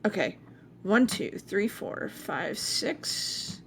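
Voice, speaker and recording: A woman's voice: mid-range voice, very animated, drawn-out words, creaky, a bit bright, slight background noise. A woman player in a tabletop role-playing game, talking hesitantly and counting her dice aloud.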